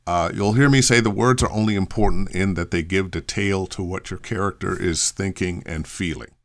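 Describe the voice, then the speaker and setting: A middle-aged man giving voice acting advice in a relaxed, thinking-aloud way, full of fillers and restarts. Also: sits low, moderate pace. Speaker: voice acting coach answering questions. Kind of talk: casual advice talk.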